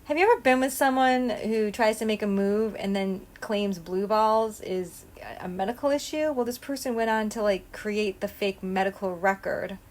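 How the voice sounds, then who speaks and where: A woman hosts her own podcast in a loose solo monologue. She drifts from one thought to the next and stays blunt and emphatic throughout. Her voice sits at a middling pitch. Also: normal speed. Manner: scattered, stream-of-consciousness, blunt and emphatic. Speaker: podcast host.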